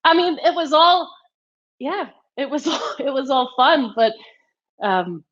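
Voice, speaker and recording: A woman talks as a guest in an easy, rambling way, full of fillers and restarts. Her voice sits a little high. The audio is a bit dull. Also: lively intonation, measured pace, fairly bright tone. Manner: chatty and rambling, many fillers and restarts, laughs often. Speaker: guest, former tennis player. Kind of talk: casual chat. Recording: slightly dull, muffled audio.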